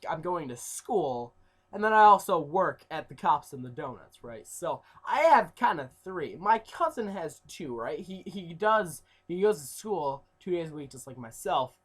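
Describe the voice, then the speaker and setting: A young man telling a rambling story in a casual vlog, full of fillers, swinging between loud outbursts and mumbled asides. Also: a little high, very animated, a little slow. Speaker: YouTuber.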